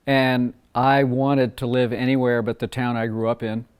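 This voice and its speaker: A man's voice: medium pitch, moderate pace, clear, resonant tone. Man from Mississippi telling studio stories. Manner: relaxed, rambling, acts out quoted dialogue. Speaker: record producer and former session guitarist. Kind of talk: casual interview storytelling.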